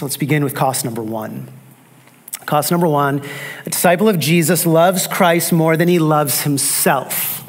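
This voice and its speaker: A man preaching a sermon, emphatic, repeating key phrases and asking rhetorical questions. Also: a little high. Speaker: pastor.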